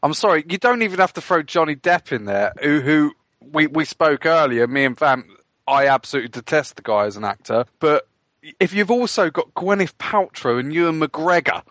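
A man's voice: fairly high pitch, lively intonation, normal speed, fairly bright tone, dry recording. A man from Britain firing back blunt, sarcastic retorts in casual podcast chat.

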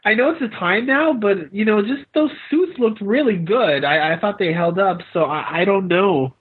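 Husky, slightly high male co-host, rambling casual chat, phone-quality audio. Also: normal speed. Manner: rambling, stammering restarts, frequent laughs. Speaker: podcast co-host reviewing a film. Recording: tinny phone-like line.

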